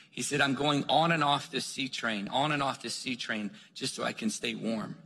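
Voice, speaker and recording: Animated male preacher in a reverberant hall. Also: mid-range voice, moderate pace, creaky, few pauses, breathy edge. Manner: animated storyteller acting out dialogue. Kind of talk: sermon storytelling.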